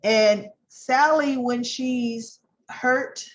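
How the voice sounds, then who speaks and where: A chatty woman hosting a casual recap vlog, talking through soap opera scenes and slipping into the characters' voices as she quotes them. Her voice sits a little high, and the audio is dull and lo-fi. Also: extremely slow. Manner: chatty, acts out characters' lines with shifting pitch.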